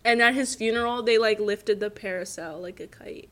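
A woman's voice: medium pitch, moderate pace, fairly bright tone. A young woman co-hosting a podcast in casual chat, giggly and teasing, swearing freely. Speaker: podcast co-host.

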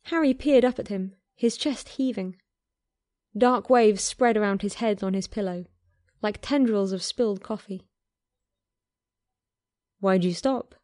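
A woman calmly reading a romance story aloud in a measured voice. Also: mid-range voice, no room sound, clean studio sound. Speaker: fan fiction reader.

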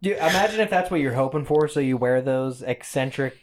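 A man's voice: mid-range voice, fairly quick. A young man co-hosting a comedy podcast, swearing often and calling his friend dude. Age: young adult. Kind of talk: casual comedic chat.

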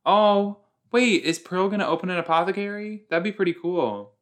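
A podcast host with a high-pitched voice talks a little fast while watching a TV episode, reacting casually with lots of exclamations. He's chatty, loose and animated.

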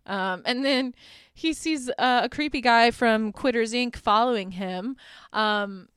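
A woman's voice: on the high side, unhurried, fairly bright tone, clear, resonant tone, no room sound, clean studio sound. A woman hosting a podcast and recapping a movie in a casual, sarcastic way. She says "like" constantly and swears freely. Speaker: podcast host.

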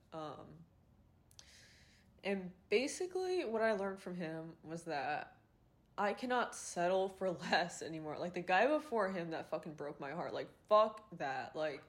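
A young woman hosting a podcast, telling a personal dating story in a casual confessional way, swearing and fighting back tears. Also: fairly low pitch. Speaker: podcast host.

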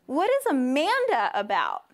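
A young woman with a fairly high voice gives a personal testimony to a church congregation. She is openly emotional and close to tears at times. She acts out the people she quotes with sudden high jumps in pitch. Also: huge pitch swings, unhurried. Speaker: speaker at a church service.

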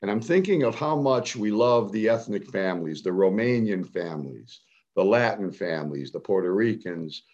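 A man's voice: lively intonation, normal speed, a little mellow, lo-fi sound. A man in his seventies, from the Cleveland area, telling a personal story with passion and emphasis. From Cleveland area, United States. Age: 70s. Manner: emphatic, rising to a high pitch when stirred. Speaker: speaker on health and nutrition. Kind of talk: impassioned storytelling.

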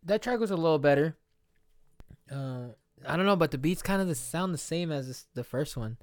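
Guy hosting a podcast, loose rambly reaction chat, smooth clear voice, dry close sound, faint music behind. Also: on the high side, animated, moderate pace, dry recording. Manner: loose, rambling, heavy use of "like" and "you know what I'm saying". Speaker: podcast host reacting to an album.

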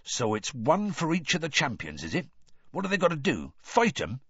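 A huge, gentle man speaks softly, full of wonder at the dragons, as a man reading a storybook puts him on. His voice is husky and dry, on a dull recording. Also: fairly high pitch, wildly swooping pitch, moderate pace, dry recording, voice pushed up, full character voice. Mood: enraptured. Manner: soft, enraptured.

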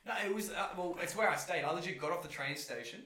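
A young man tells a travel story in loose, profane slang and slips into other people's voices as he goes. His tone is bright and cutting, and he sits a little back from the mic in an echoey room. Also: fairly high pitch, fast talker, recorded from a distance, slight background noise. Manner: animated storytelling, swearing slang, acts out voices. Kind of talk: casual podcast chat.

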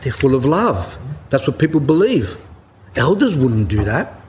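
A man's voice: lively intonation, normal speed. A man giving an informal sermon, telling anecdotes in a conversational, emphatic way and paraphrasing a written account as he reads it. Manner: conversational, emphatic, rising pitch when stressing points. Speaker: Orthodox Christian speaker giving a talk.

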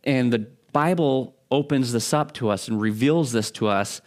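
A pastor speaking from the pulpit in a mid-pitched man's voice. He preaches conversationally, often stopping and restarting his sentences as he works through a thought. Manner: conversational, halting with many restarts. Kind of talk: sermon.

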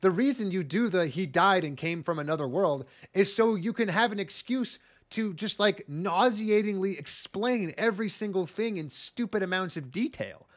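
A man's voice: high voice, lively intonation, normal speed. A man casually ranting about an anime plot, sarcastic and profane, with mock retellings of scenes. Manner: rambling, profane, sarcastic retelling with mocking impressions. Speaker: podcast co-host reviewing anime. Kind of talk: casual comedic chat.

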